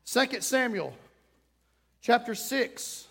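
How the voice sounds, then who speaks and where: High-voiced preacher acting out scenes. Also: male voice, slow, vocal fry, husky. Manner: animated, acts out voices and scenes. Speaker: pastor. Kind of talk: sermon.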